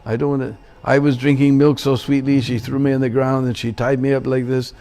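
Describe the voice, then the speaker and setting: A man voicing a stubborn little boy who pouts and refuses in a quiet voice. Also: mid-range voice, level tone, fairly quick, close to an everyday voice. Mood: sulky. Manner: quiet, pouting, soft.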